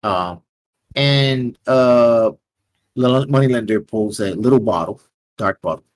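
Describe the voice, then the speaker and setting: A man's voice: mid-range voice, takes it slowly, no echo. A man narrating as a tabletop game master in a casual way, with many fillers.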